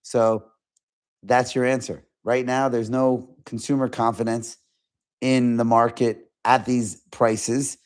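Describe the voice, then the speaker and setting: A man hosting a casual stock trading livestream, talking in a fast conversational way with lots of fillers and restarts. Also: medium pitch, little pitch movement, smooth. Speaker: stock market livestream host.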